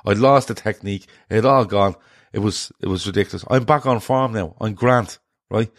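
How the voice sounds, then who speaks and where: A man with a fairly low voice holds forth as a podcast co-host, spinning a chatty story. He swears freely and keeps checking in with his partner in an animated, casual way. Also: a little fast. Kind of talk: casual chat.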